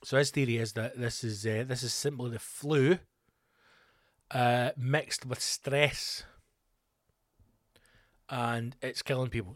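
A man's voice: medium pitch, no room sound, clean studio sound. A male comedian telling a rambling, profane comic story as a podcast host.

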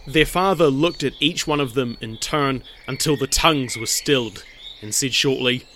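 A man telling a dramatic retelling of a legend in measured, deliberate narration. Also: medium pitch, a bit bright, slight background noise. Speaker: storyteller.

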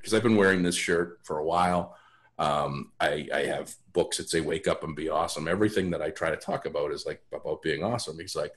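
A man's voice: extremely low pitch, fast. A man guesting on a podcast, telling stories in a blunt, frank way and often restarting his sentences. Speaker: podcast guest, sales author. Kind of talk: casual storytelling.

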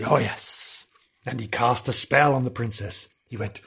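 A man's voice: mid-range voice, a little slow, gravelly, a bit bright, slightly rough. A man hosting a podcast, telling a comic ghost story in a theatrical, hammy way with lots of repetition. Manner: theatrical, hammy, repeats for effect.

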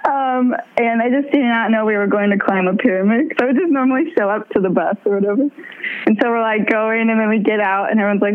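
Guest: bubbly young woman, higher voice, laughs through her stories, heard over a tinny phone line. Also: brisk. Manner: bubbly, laughs often, animated storytelling. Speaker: touring musician, guest. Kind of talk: casual interview chat.

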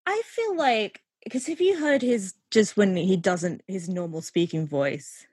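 A woman co-hosting a podcast in casual film chat, animated, laughing often and trailing off mid-sentence. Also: mid-range voice, measured pace, breathy edge, dry recording, studio quality. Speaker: podcast co-host.

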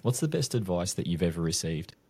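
Australian co-host, very low voice, dry close sound, playful and teasing. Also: male voice, very animated, brisk, darkish tone, slightly rough, no room sound. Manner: friendly, teasing, laughs a lot. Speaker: podcast co-host. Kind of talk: casual interview chat.

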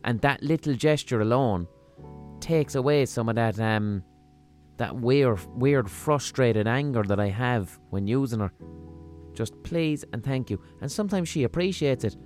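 A man with a Limerick Irish accent hosting a podcast, rambling through a casual comic monologue in a profane, deadpan-humorous way. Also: medium pitch, unhurried, soft background music. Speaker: podcast host.

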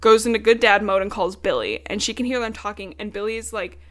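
A woman's voice: mid-range voice, fairly quick, fairly bright tone. A woman co-hosting a podcast, casually retelling a book's plot in a loose, chatty way with frequent swearing. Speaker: podcast co-host. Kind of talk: casual book recap chat.

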